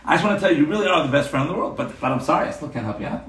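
A stingy rich older man, nervous and earnest as he presses his oldest friend, as a man puts him on in a story. The voice sits a little low and hushed. It is caught by a mic set back in a roomy space. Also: lively intonation, very fast. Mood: apologetic. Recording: roomy room, mic at a distance.

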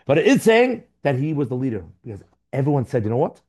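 A man's voice: medium pitch, very animated, fast, a little mellow. A man teaching a Torah class to young listeners, emphatic and full of rhetorical questions, repeating key words for stress.

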